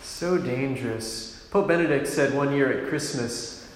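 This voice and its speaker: A man, a priest from a monastic order, giving a gentle, reflective sermon, unhurried and often breaking into soft laughs. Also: mid-range voice. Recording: very echoey hall with long reverb, faint room noise.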